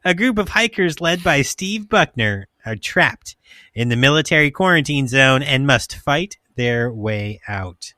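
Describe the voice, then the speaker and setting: A man co-hosting a casual podcast, animated and playful, swearing freely. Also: mid-range voice, a little slow, no room sound. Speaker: podcast co-host.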